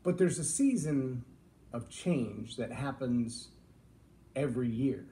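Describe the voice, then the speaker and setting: A middle-aged man from Texas hosts a casual live-stream vlog, talking in a folksy, reflective way with jokey asides. His voice sits at a medium pitch and has a mellow, warm tone. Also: lively intonation, slow pace. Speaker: vlog host.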